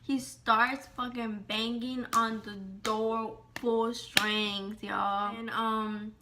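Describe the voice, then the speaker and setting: A young woman telling a personal story in a casual vlog, animated and slangy, full of "like" and swearing. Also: fairly high pitch, extremely slow, background noise.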